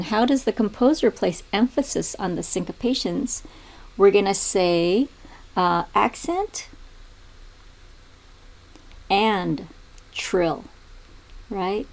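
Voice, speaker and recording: In a video tutorial, a woman with a gravelly, mid-range voice calmly explains music theory step by step. Now and then she sings rhythms aloud.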